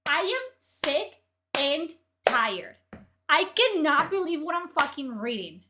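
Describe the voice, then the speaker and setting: A woman's voice: high voice, sing-song, slow pace, noisy background. A woman streamer on a livestream, reacting to gaming news in an angry rant, swearing and repeating herself.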